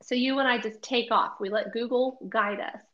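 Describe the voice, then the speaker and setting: A woman's voice: a little high, moderate pace. A woman co-hosting a casual chat, telling a travel story with lots of laughter and acted-out quotes. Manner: animated, laughing often, acts out quotes. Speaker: podcast co-host. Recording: dull lo-fi audio.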